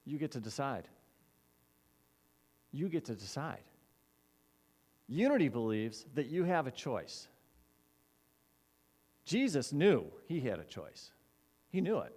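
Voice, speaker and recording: A man preaching a sermon as a minister, animated, acting out quoted voices and repeating key words. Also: mid-range voice, takes it slowly, pauses often.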